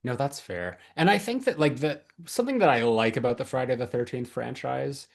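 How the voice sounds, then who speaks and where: A man hosting a podcast, talking casually about a horror film, with many pauses and restarts. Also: medium pitch, animated, vocal fry. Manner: halting, many fillers and restarts. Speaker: podcast host.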